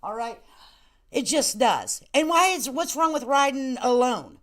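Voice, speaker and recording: A woman's voice: sits high, sing-song, unhurried, a bit bright. A woman hosting a casual live-stream commentary, talking in a sassy, blunt, teasing way. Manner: sassy, blunt, playful scolding.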